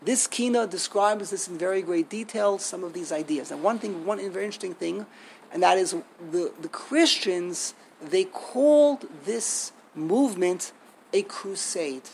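A man giving a lecture on a liturgical poem, halting and restarting often and asking himself rhetorical questions. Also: high voice, creaky, a little mellow, slight background noise, low-quality recording. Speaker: Torah teacher.

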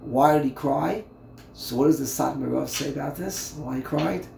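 A man's voice: medium pitch, normal speed, gravelly, darkish tone, reverberant, slight background noise. A man, a rabbi, teaching a Torah class in a conversational way, asking his listeners rhetorical questions and often repeating words.

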